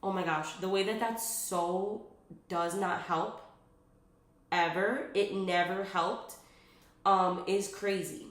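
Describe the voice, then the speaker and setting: Chatty young mom in an echoey room. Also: female voice, medium pitch, steady tone, slow. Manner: rambling, frequent "like" and "um", earnest. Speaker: mother sharing parenting advice. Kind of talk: casual chatty vlog. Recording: roomy echo.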